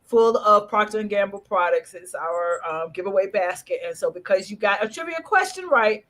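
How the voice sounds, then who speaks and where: A woman co-hosting a casual chat podcast over a video call, telling stories in an animated, expressive way. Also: medium pitch, normal speed. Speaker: podcast co-host.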